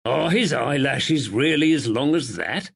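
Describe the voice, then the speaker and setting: A man's voice: mid-range voice, animated, measured pace, creaky, fairly bright tone, breathy edge, exaggerated voice. A man voicing a plain-spoken, good-humoured constable who talks in a plain, friendly way.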